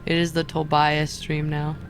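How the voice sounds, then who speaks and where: A woman streamer in casual livestream chat, talking in soft, drawn-out baby talk to her cat. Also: sits low, completely flat delivery, faint music behind.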